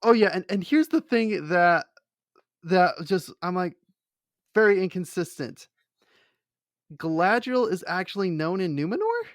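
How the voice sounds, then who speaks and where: A man's voice: high voice, sing-song, a little slow, pauses often, no echo, studio quality. A man co-hosting a casual chat, talking in a rambling way with many fillers and restarts. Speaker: podcast co-host.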